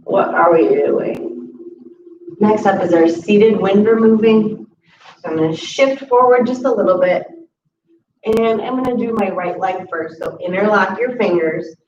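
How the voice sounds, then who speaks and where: A woman teaching a chair yoga class, calmly cueing each breath and movement. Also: mid-range voice, measured pace. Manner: calm instructive cueing of breaths and moves. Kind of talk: guided exercise class. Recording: roomy, distant, muffled audio with faint hiss.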